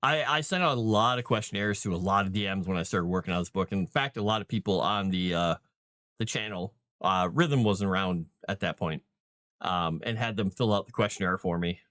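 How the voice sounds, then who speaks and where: A man's voice: sits low, brisk, fairly bright tone, dry recording, clean studio sound. A man chatting casually on his livestream, rambling with many fillers and restarts as he talks about running tabletop games. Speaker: livestream host and game master.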